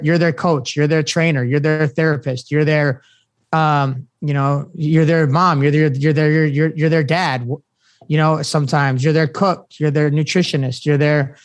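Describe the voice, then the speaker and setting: A man talking as a podcast guest in a halting, rambling way, full of fillers and restarts. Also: on the high side, no echo. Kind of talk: casual chat.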